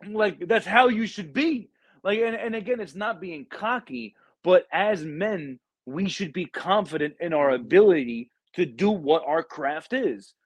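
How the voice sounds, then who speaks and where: A man's voice: high voice, lively intonation, unhurried, breathy edge. A man hosting a casual podcast chat, laid-back and slangy, often agreeing with his guest.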